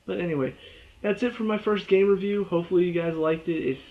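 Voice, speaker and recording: Guy doing a chill game review vlog, kinda rambly, fixes his own words a lot, voice a bit on the high side. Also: quick pace. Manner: rambling, self-correcting, chuckles often. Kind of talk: casual video review. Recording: dull lo-fi sound.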